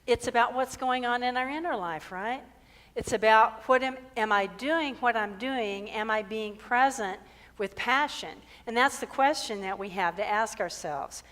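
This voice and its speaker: In a church sanctuary, a woman minister delivers a conversational sermon, joking and posing lots of rhetorical questions. Her voice is fairly high, a bit bright and a little slow, with long hall reverb on the recording.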